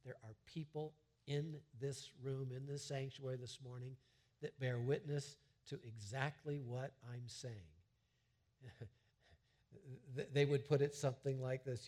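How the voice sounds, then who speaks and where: A middle-aged man preaching a sermon in a church sanctuary, talking in a conversational, animated way with frequent restarts. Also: mid-range voice, measured pace, creaky. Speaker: pastor.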